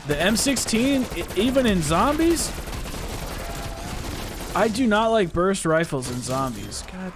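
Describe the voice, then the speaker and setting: A young American man with a fairly high voice, rambling through casual chat as a gaming podcast host. He talks loosely and laughs often, with faint noise behind him. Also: very animated, measured pace, long pauses. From United States. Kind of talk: casual chat while playing a game.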